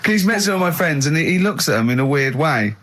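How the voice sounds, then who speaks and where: A man's voice: on the high side, lively intonation, fast talker, fairly bright tone. A man hosting a radio chat show from a studio, telling a story animatedly and mocking his co-host, laughing often. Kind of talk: casual radio banter.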